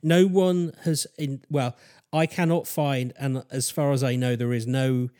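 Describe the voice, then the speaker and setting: A man's voice: medium pitch, level tone, mellow. A man in a mid register hosts a podcast and recounts an odd tale in a loose, rambling manner. He often trails off and restarts his sentences as he thinks aloud. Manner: rambling, halting, with fillers and restarts. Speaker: podcast host. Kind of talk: casual chat, storytelling.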